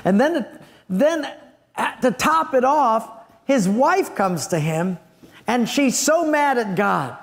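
A man's voice: very high voice, very animated, slow pace, vocal fry. A man preaching a sermon, telling a story with animation and acting out the scenes. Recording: long hall reverb.

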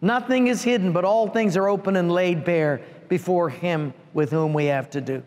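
A man preaching a sermon as pastor, animated, acting out prayers and speaking asides to the congregation. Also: sits high, normal speed. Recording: long hall reverb.

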